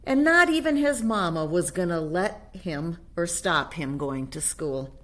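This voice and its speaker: A woman reading a picture book aloud to a child on camera, animated, with chatty whispered asides. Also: lowish voice, a little slow.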